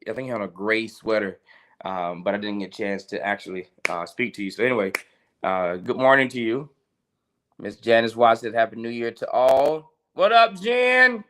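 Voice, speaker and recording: A man, a pastor, giving a casual livestream devotional. He greets viewers by name between points and repeats key lines for emphasis. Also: lowish voice.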